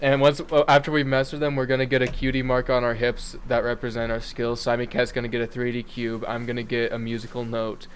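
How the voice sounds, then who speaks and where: A man's voice: mid-range voice, completely flat delivery, a little fast, few pauses, slight background noise. A man hosting a casual podcast, chatting and joking with friends as he wraps up the episode. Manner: joking, wraps up the show with playful outro. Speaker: podcast host. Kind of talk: casual chat among friends.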